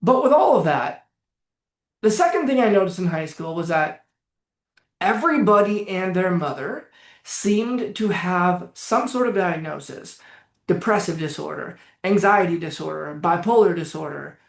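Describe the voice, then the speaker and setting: A man's voice: sits high, expressive, moderate pace, gravelly. A man in his late twenties, working as a coach, telling his story in blunt, casual talk with frequent swearing. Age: late 20s. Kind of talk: casual direct-to-camera talk. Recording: echoey room.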